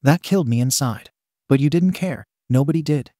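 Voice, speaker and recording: A man's voice: medium pitch, moderate pace, mellow, dry recording, studio quality, natural voice. A man voicing a bitter, scarred young male villain confronting his father in a fan fiction reading, menacing and accusing.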